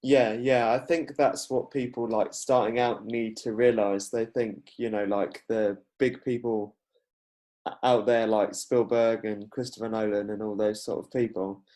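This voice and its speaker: A man's voice: lowish voice, little pitch movement, dark tone. Chatty man hosting a podcast. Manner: chatty storyteller, full of "like" and quick agreement. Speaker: podcast host. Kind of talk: casual podcast chat.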